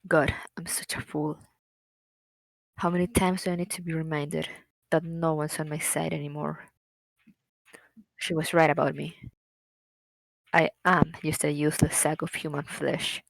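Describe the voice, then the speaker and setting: A woman voicing a despairing young man who hates himself, reading game dialogue aloud in a slow, brooding way. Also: deep voice, level tone, creaky, dry recording, poor audio. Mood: bitter, despairing. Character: despairing young man, bitter and self-hating. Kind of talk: reading visual novel lines aloud.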